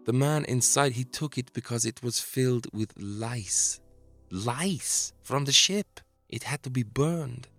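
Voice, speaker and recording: A man voicing a weary immigrant mother who explains things quickly and lightly. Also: mid-range voice, a bit bright, faint music behind, pitched above the performer's own voice. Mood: amused. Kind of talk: audiobook character voice.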